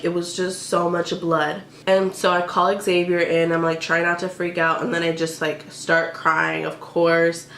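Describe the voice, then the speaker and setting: A woman's voice: lowish voice, fairly bright tone. A young woman telling a personal story in a casual vlog, emotional and full of "like" fillers. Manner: emotional, tearful at times, many "like" fillers. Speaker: vlogger. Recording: roomy echo with faint background hiss.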